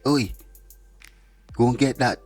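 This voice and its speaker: A man voicing a gruff Scottish army man giving orders, with a Scottish accent and a barking way of talking. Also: medium pitch, takes it slowly, darkish tone, soft background music, pitched above the performer's own voice.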